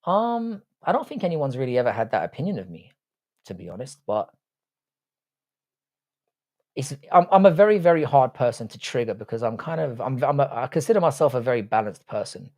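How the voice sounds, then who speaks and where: A man's voice: medium pitch, very animated, fairly quick, a little mellow. A man hosting a casual live stream, reading chat comments, talking bluntly with frequent swearing and rambling restarts. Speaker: livestream host.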